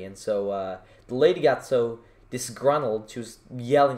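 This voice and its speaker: A man's voice: mid-range voice, brisk, few pauses, darkish tone. A man performing a self-written stand-up routine for his channel, rambling with many restarts. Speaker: vlogger doing stand-up.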